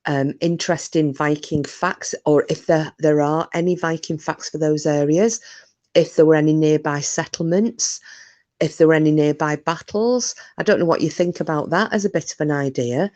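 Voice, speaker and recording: A woman's voice: low-pitched, normal speed, darkish tone. A woman hosting a casual live-stream chat, rambling and self-interrupting with frequent jokes. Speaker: livestream host.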